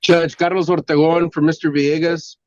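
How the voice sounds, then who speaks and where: A man argues for his client's bond as defense attorney, talking quickly with hesitations and frequent deferential address to the court. His voice is slightly high and comes over a dull, dry, lo-fi connection. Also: little pitch movement, a little mellow, no echo. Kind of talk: courtroom argument.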